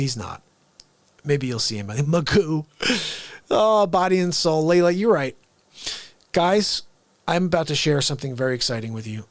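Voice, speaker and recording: A man hosting a livestream, chatting excitedly and grumbling at his screen. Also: medium pitch, no room sound. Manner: excitable, chatty, frustrated asides. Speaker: show host. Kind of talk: casual livestream chat.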